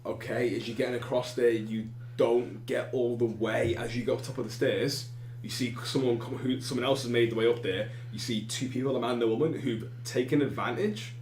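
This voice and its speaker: A man running a tabletop game as game master, narrating scenes and briefly acting out shouting side characters. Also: medium pitch, steady tone, a little fast, reverberant, a little hiss or hum.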